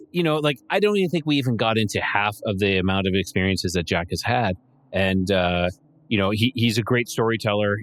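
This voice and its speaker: Halting man hosting an interview. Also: fairly low pitch, a bit bright, a little hiss or hum. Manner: halting, stumbles and restarts, grateful. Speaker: podcast host. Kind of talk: interview conversation.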